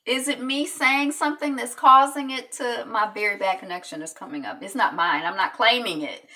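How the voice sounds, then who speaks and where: Chatty female recap host, bright and sharp tone, talking a little off-mic, rambling with fillers. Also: a little high, normal speed, distant mic. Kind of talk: casual chat recapping an episode.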